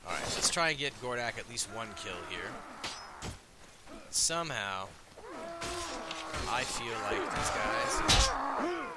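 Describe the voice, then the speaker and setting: A man as host giving jokey, excitable let's play commentary. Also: medium pitch, unhurried, pauses often, very noisy. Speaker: gaming host.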